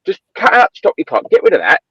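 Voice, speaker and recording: A man's voice: sits high, wildly swooping pitch, quick pace, pushed and bright, breathy edge, no room sound. Emphatic man on a dull, dry line. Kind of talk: casual football chat.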